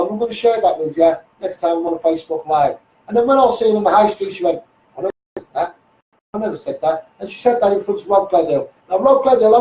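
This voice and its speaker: A middle-aged man with a Liverpool accent, a social media campaigner, rants bluntly at officials on a Facebook Live stream, swearing and addressing them directly in a combative way. His voice is high and mellow, but the recording is poor: distant, reverberant, with a little hiss or hum.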